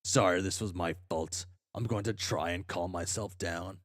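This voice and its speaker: A man reading aloud as a furious, foul-mouthed young male troll, ranting and swearing at himself in shouted tirades. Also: deep voice, steady tone, normal speed, dry recording, clean studio sound, natural voice.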